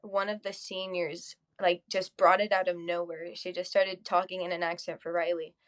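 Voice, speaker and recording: A teenage girl being interviewed, shy and soft-spoken, hesitant with ums. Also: on the low side, flat delivery, normal speed. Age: teens. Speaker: high school softball player guest. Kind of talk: casual interview.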